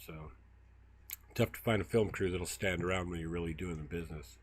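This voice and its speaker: Low-pitched and a little fast, the man's voice comes with a slight hiss or hum. Walking brushy woods by a river, the field researcher and livestream host rambles through his stories with lots of fillers.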